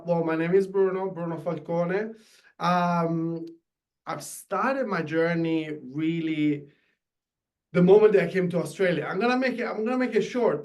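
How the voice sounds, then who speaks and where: A man from Italy with an Italian accent, talking as an interview guest in an enthusiastic, halting way with many restarts. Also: fairly high pitch, darkish tone. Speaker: guest, tailor. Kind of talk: casual interview.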